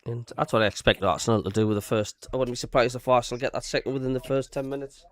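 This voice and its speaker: A man's voice: mid-range voice, fairly even intonation, quick pace. A man hosting a casual football watchalong, putting questions to the panel.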